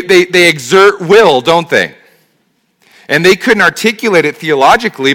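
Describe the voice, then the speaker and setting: Male pastor, sermon, conversational, rhetorical questions, fairly high bright voice.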